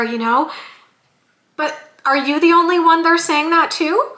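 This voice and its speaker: A woman's voice: high-pitched, normal speed, bright, forceful tone, reverberant. A woman giving a casual tarot love reading, chatty and emphatic with slangy asides. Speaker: tarot reader.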